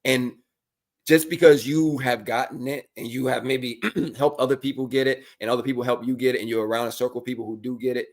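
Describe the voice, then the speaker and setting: A man's voice: mid-range voice, brisk. Easygoing man talking about money and mindset. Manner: animated storytelling, acts out quotes in exaggerated voices. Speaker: podcast co-host. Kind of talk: casual conversational talk.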